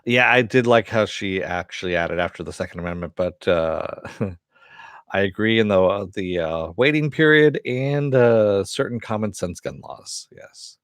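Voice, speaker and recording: Laid-back low-voiced man reviewing a cartoon. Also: normal speed, clear, resonant tone, no echo. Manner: rambling, lots of fillers and frequent laughs; profane and enthusiastic. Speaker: host reviewing an animated series. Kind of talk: casual spoken review.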